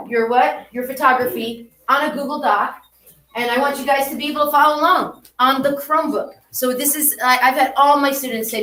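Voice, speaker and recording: A woman's voice: fairly high pitch, a bit bright, reverberant, slight background noise. Chatty woman art teacher in a classroom. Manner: chatty, talks straight to students.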